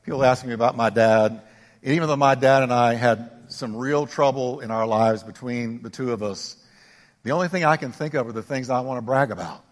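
An older male pastor delivering a sermon, swinging between emphatic raised exclamations and quiet, intimate asides. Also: mid-range voice, brisk, big-room sound. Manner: preaching with rising emphatic exclamations.

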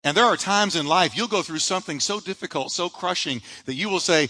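A man's voice: high voice, fairly quick, few pauses, sharp tone. A man preaching a sermon as pastor, building with emphatic repeated refrains and rising bursts. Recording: live church sermon audio.

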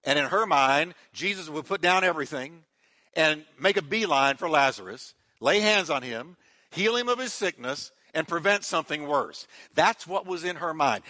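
Pastor, male, high bright voice, emphatic repetitive sermon delivery with call-and-response.

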